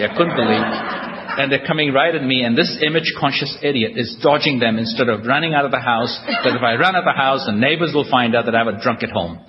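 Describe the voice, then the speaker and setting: A man giving a humorous personal recovery talk to a live audience, telling his story with wry, self-deprecating storytelling. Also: mid-range voice. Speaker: guest speaker at a recovery convention. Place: large hall before a live audience. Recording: dull lo-fi hall recording with noise.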